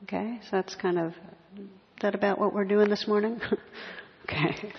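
A woman meditation teacher giving a dharma talk to a group, speaking in a soft, reflective way and often restarting her sentences. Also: mid-range voice, fairly even intonation, moderate pace, creaky, a little hiss or hum. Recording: echoey hall, dull lo-fi sound.

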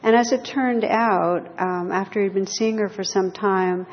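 A woman meditation teacher giving a gentle, reflective dharma talk to a group in a hall. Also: medium pitch, fairly even intonation, measured pace. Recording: lo-fi hall recording with long reverb.

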